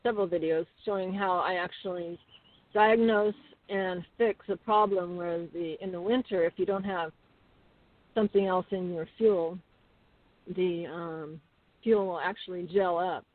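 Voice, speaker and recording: A woman's voice: lowish voice, a little slow, no room sound. Chatty middle-aged woman on a tinny call. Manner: chatty, animated storyteller with many fillers. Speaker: guest. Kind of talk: casual interview storytelling. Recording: tinny phone-like call audio.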